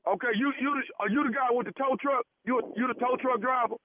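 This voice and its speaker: A man's voice: extremely high pitch, quick pace, slight background noise, voice pushed up. A man playing an irate young man who complains about his girlfriend's car, as a prank caller. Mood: insistent. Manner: pushy, insistent, repeats himself. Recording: dry tinny phone line.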